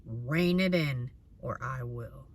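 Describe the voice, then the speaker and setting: A woman's voice: extremely low pitch, slow pace, voice pushed down, exaggerated voice. A woman putting on the voice of an angry male God in a casual tarot reading. He barks short, profane orders and repeats himself. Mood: stern.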